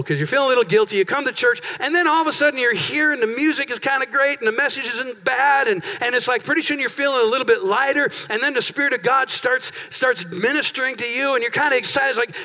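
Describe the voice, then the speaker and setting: A man preaching a sermon as pastor in a church, telling stories and jokes in an animated way. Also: very high voice, fast talker, few pauses. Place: church sanctuary.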